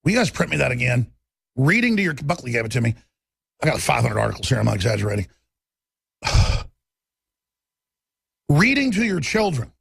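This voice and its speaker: A man's voice: mid-range voice, big pitch swings, fairly quick, creaky, pauses often, a bit bright, slightly rough, no room sound, clean studio sound. A man hosting a talk radio show, delivering a combative, emphatic monologue.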